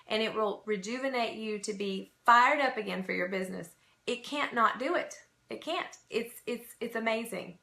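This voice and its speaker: A woman's voice: on the high side, moderate pace, gravelly, sharp tone, reverberant. A woman giving an emphatic, repetitive motivational training talk to her sales team.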